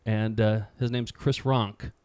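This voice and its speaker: A man's voice: lowish voice, little pitch movement, takes it slowly, a little mellow, dry recording. A man co-hosting a casual show, talking loosely with lots of ums and restarts. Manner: loose, rambling, full of fillers. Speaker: co-host. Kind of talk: casual banter. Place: office.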